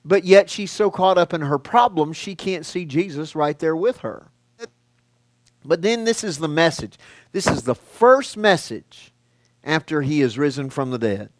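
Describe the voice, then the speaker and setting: A man preaching a sermon, talking in a conversational way and asking the listeners questions, his delivery swinging from loud emphasis to a hushed tone. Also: a little high, animated, measured pace, dry recording.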